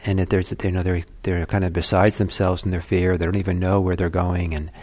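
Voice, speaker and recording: A man telling a Buddhist parable in a talk, unhurried and conversational. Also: low-pitched, little pitch movement, a little mellow. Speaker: Buddhist teacher.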